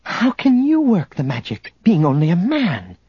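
A man's voice: fairly high pitch, big pitch swings, normal speed, husky, no room sound. A man voicing a fierce, proud young female witch warrior with a commanding manner, on a dull lo-fi audiobook recording. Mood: astonished. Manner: triumphant, commanding.

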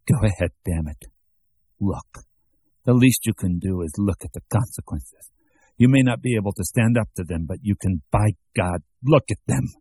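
Guy reading as a scared young writer, strained hushed muttering, low husky voice, dry close sound. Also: animated, moderate pace, dry recording. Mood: steeling. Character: panicked young male writer, frightened.

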